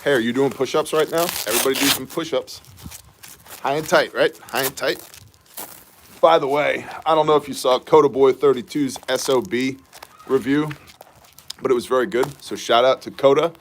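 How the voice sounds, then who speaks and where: A man hosting a casual news commentary show, sarcastic and joking with quick asides. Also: medium pitch, a little hiss or hum. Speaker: host of a news brief show.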